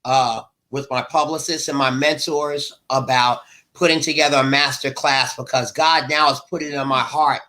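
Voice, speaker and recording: A man's voice: medium pitch, steady tone, moderate pace, pushed and bright. A middle-aged man, an author being interviewed, speaking with passion in a preacher-like rhythm. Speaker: author guest. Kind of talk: emotional interview talk.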